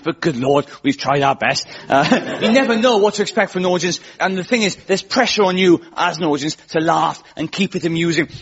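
A man's voice: on the high side, fairly bright tone, slight background noise. A man doing stand-up on a radio comedy show, chatty and self-mocking, laughing at his own jokes. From Wales. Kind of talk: stand-up comedy before a studio audience. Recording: lo-fi radio recording with studio audience.

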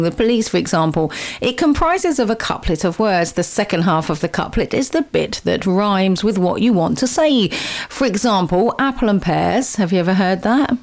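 Brief: woman radio host, mid-pitched, casual, chatty, quick to giggle. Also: gravelly, darkish tone. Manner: chatty and giggly, explains at length.

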